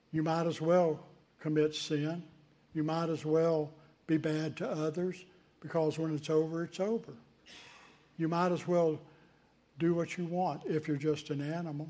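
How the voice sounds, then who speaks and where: A male pastor delivers a sermon at a slow, unhurried pace, leaning on deliberate pauses. His voice sits a little high for a man yet sounds mellow and dark in tone. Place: church.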